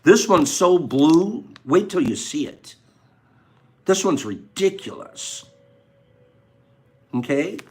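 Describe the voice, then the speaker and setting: Casual male streamer host, slow and animated, playful and teasing. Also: a little high. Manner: playful, teasing, chatty with viewers. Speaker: livestream host. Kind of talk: casual livestream chat.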